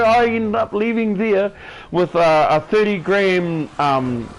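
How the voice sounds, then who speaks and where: A man's voice: high voice, normal speed, noisy background. A young man with a New Zealand accent telling a story in casual chat, calling the listener "bro" all the time and acting out the voices of the people he talks about. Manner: relaxed, says "bro" constantly, acts out quoted voices.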